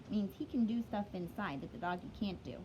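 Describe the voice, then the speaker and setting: A woman's voice: medium pitch, expressive, a little fast, highs cut off, a little hiss or hum. A woman teacher reading a picture book aloud to children, chatty, stopping to explain words along the way.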